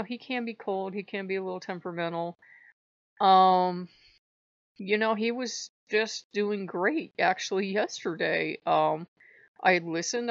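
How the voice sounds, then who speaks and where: A woman with a low, gravelly voice rambles through a casual vlog chat, full of fillers and asides. The audio is dull and lo-fi, with a dry, close sound and no room around it. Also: no room sound. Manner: rambling, conversational, frequent fillers. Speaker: channel host.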